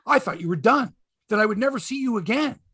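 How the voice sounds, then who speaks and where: High husky guy ranting on his sports podcast, swinging his pitch all over, doing little voices and cussing. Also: animated, fast talker, a bit bright, dry recording, studio quality. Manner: ranting, acts out quotes in voices, swears. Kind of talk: casual sports chat.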